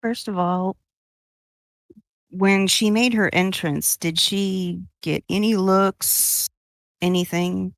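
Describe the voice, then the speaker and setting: Gravelly-voiced tabletop player. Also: mid-range voice, fairly even intonation, takes it slowly, pauses often, a bit bright, dry recording, clean studio sound. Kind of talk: casual chat at a tabletop game.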